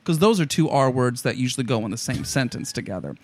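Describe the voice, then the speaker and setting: A man co-hosting a podcast, chatting excitedly and casually about musicals. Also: mid-range voice, fast. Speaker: podcast co-host.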